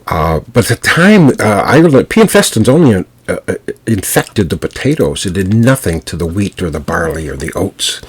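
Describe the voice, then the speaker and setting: A man hosting his own podcast, talking through a history lesson at an unhurried pace with frequent pauses and restarts. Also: low-pitched, big pitch swings, slightly rough. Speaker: storyteller and podcast host. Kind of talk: solo podcast history talk. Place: home.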